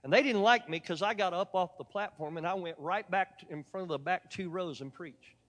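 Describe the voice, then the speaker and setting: A man's voice: high-pitched, fairly quick, a bit bright. A man preaching a sermon, telling stories from the pulpit with a folksy, joking manner toward the congregation. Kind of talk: sermon with storytelling. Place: church sanctuary. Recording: long church reverb.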